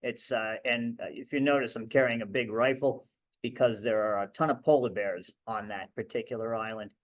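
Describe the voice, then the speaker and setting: A man's voice: mid-range voice, steady tone, normal speed, muffled recording. Man telling voyage stories at a talk. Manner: conversational storytelling with restarts. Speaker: ship captain giving a public talk. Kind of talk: anecdotal lecture. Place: library event room.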